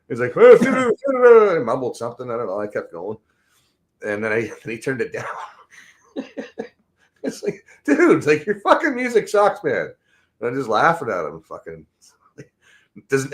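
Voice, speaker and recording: A man's voice: medium pitch, fairly bright tone. A middle-aged man ranting in casual chat, profane and rambling, laughing as he talks. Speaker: podcast host.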